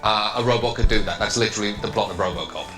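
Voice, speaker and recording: A man's voice: fairly low pitch, quick pace, creaky, reverberant, over loud music. A man in a playful, teasing exchange with a young girl about robots and jobs. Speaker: keynote speaker. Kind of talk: playing a comedy clip with a child.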